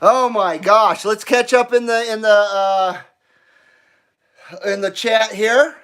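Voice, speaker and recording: A breathless, excitable man chats on his own live stream, his voice sitting high for a man. He talks in an unhurried, drawn-out way and swears freely between laughs. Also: clear, resonant tone. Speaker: channel host. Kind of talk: casual live stream chat.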